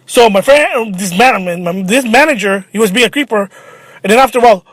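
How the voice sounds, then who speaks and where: Man, high-pitched, dry close sound; agitated vlogger recounting a grievance, animated and rambling. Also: a little fast, no room sound. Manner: agitated, animated storytelling with restarts. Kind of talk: casual ranting monologue.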